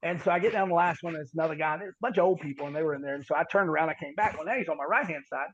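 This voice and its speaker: A man's voice: on the high side, rapid-fire, a bit bright, lo-fi sound. A man as a podcast guest, telling a story in a rambling, folksy way with many restarts. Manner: rambling, self-correcting, folksy. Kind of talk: casual storytelling.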